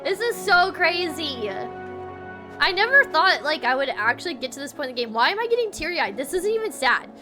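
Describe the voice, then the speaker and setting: A woman's voice: sits high, big pitch swings, a little fast. A woman streaming a video game, chatting in a bubbly way with her viewers. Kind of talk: casual gameplay commentary. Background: game music.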